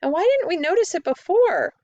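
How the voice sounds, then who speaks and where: A woman voicing a startled, disgusted boy in a storybook reading, with high, breathless exclamations. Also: sing-song, a little fast, dark tone, dry recording, highs cut off.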